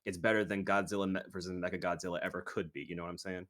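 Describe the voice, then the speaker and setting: Easygoing low-voiced man, playful. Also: level tone, rapid-fire, fairly bright tone. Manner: easygoing, playful, goes along with jokes. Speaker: guest YouTuber. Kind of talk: improvised comedy chat.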